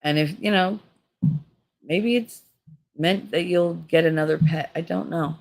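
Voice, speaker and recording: A woman's voice: lowish voice, a little slow, a little mellow. A middle-aged woman talking candidly in a casual, rambling monologue, laughing often and swearing freely. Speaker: vlogger.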